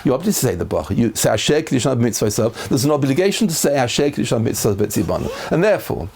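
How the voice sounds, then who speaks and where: A man's voice: very animated, fast, darkish tone, slight background noise. A man, a rabbi, giving a Torah class in an earnest lecturing manner, his voice rising when he quotes verses. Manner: earnest, rises in pitch when quoting verses.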